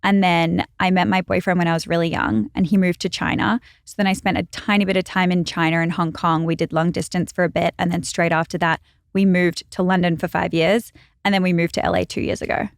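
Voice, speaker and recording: Podcast guest: young Australian woman, low-pitched, dry studio sound, chatty. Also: fairly even intonation, dry recording. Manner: chatty, storytelling, quick asides. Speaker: guest, brand founder. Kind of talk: casual chat.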